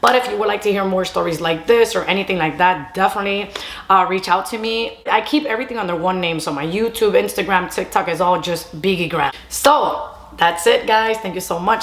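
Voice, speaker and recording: A woman's voice: mid-range voice, a bit bright. A young woman tells a personal story to camera in a chatty way, mixing Spanish phrases into her English. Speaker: storytime vlogger. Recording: roomy echo.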